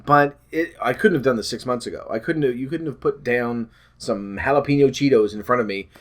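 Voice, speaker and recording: A man's voice: mid-range voice, brisk. A man talking casually to camera in a weight-loss vlog, rambling with many ums and self-corrections and joking about his own slips.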